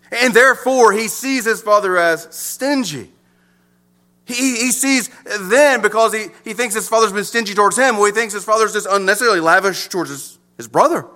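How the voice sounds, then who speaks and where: A man preaching a sermon, swinging from emphatic to hushed as he explains. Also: sits high. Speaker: pastor.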